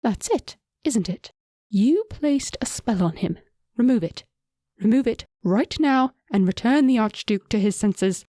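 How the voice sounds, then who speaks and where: A woman voicing an imperious, furious queen and mother, shrill and accusing with open contempt. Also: lively intonation, a little slow, warm tone, no room sound, studio quality.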